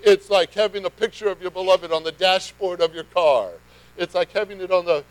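A man preaching a sermon, his voice sitting a little higher than most men's. He talks conversationally with the congregation, then swells into emphatic bursts. A faint mains hum runs beneath the recording. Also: poor audio. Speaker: pastor.

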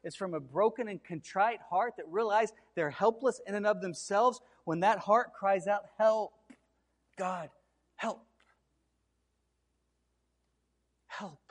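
High-pitched man preaching a sermon, gets loud and emphatic, big echoey hall. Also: normal speed, hardly any pauses. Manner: preaching with rising intensity, repeated emphatic cries. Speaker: pastor.

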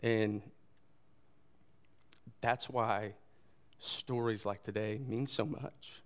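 A man in his thirties or forties, a pastor giving a sermon in a conversational, animated storytelling way. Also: on the low side, extremely slow, clean tone.

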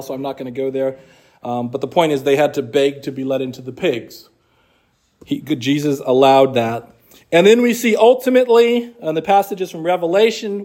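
A man teaching an apologetics class, explaining scripture in a conversational way and reading passages aloud. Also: high-pitched.

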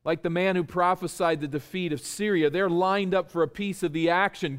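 A man's voice: high-pitched, steady tone, moderate pace, clean tone. A man preaching an expository sermon. He explains step by step and puts rhetorical questions to his listeners with emphasis.

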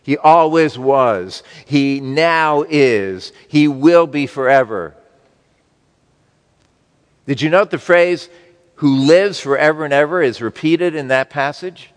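A man preaching a sermon to his congregation, slow and emphatic, with wide swings between loud and soft. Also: on the high side, long reverb tail. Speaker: pastor.

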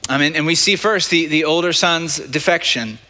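Bright-voiced male pastor preaching. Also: fairly high pitch, moderate pace. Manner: conversational, stumbling and repeating words. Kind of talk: sermon. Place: church sanctuary. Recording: long reverb of a church hall.

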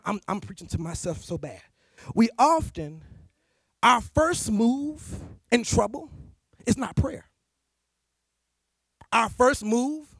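A man preaching a sermon, swinging between loud shouted points and low intimate asides, with slangy talk. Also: creaky, no echo.

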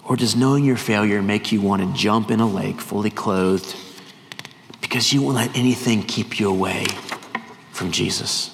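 A man's voice: fairly low pitch, normal speed, creaky. A middle-aged man, a visiting missionary, preaching a sermon, telling stories and quoting scripture with rising emphasis. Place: church hall. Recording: church hall reverb, faint noise.

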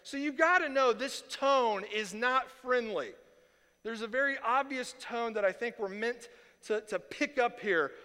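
Pastor, male, high bright voice, lively sermon delivery, hall reverb. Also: measured pace, clear, resonant tone. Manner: animated, acts out quoted voices, casual fillers.

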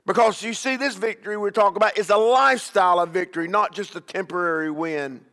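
A man's voice: high-pitched, quick pace, pushed and bright, long reverb tail. A man preaching as a bishop, emphatic, with call-and-response and repeated questions to the congregation. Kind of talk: sermon.

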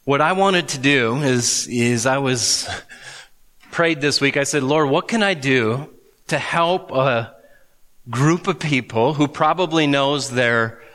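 A man preaching a sermon as pastor, earnest and emphatic, with dramatic pauses. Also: medium pitch, a bit bright. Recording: long reverb of a large hall.

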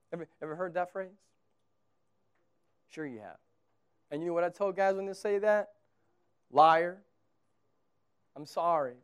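A Texan man delivers a sermon as pastor in a conversational style. He swings between loud, emphatic bursts and quiet, low lines.

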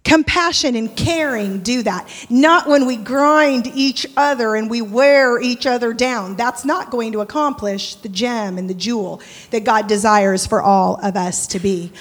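High-voiced woman preaching in a reverberant hall. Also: a little slow, few pauses. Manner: expressive, swinging from loud and bright to hushed prayer. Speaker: church speaker. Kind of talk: sermon. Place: church sanctuary.

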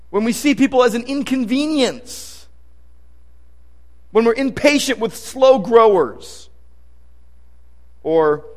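Male pastor, high voice, conversational and emphatic sermon delivery with scripture readings.

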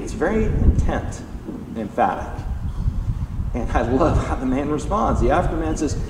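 A pastor preaching a sermon, emphatic and animated, acting out the lines he quotes. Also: mid-range voice, a little slow. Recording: echoey hall, distant mic, faint background noise.

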